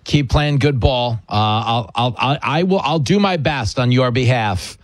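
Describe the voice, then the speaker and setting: Joking radio host. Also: male voice, medium pitch, measured pace, dry recording, studio quality. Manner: joking, self-mocking, animated storytelling. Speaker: radio talk show host. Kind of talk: casual radio chat.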